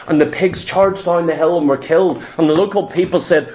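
A man preaching with a notably high voice. He drives his points home with emphasis and slips into dramatic voices for the figures he quotes. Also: brisk, few pauses, darkish tone. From Ireland. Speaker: pastor. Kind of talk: sermon.

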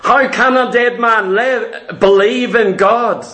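A man preaches with fervor, his voice sitting very high for a man. He keeps pressing the congregation with rhetorical questions. The sound is roomy, with the echo of a church hall around it. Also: takes it slowly, sharp tone. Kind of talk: sermon.

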